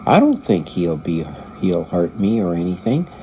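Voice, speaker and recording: A man's voice: sits low, very animated, normal speed, phone-quality sound, a little hiss or hum. An older man doing a hopeful little girl bear cub.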